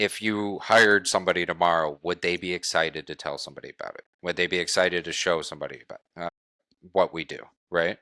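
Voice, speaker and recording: A man coaching a group on wholesaling real estate, talking in a brisk, blunt way and swearing casually. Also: low voice, fairly even intonation, bright, forceful tone, no room sound, studio quality.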